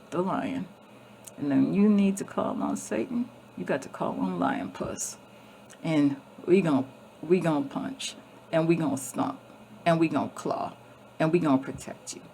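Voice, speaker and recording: A woman's voice: low-pitched, a little slow, gravelly, warm tone, a little hiss or hum. A woman vlogger telling a story in a blunt, emphatic, heavily profane way, often restarting and repeating herself. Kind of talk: casual storytelling.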